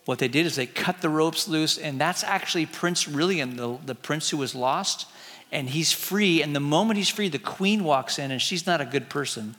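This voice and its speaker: A man's voice: on the high side, normal speed, pushed and bright, big-room sound. A man retelling a storybook to a group, chatty and asking the listeners questions as he shows pictures. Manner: chatty, asks the audience questions. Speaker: teacher retelling a book.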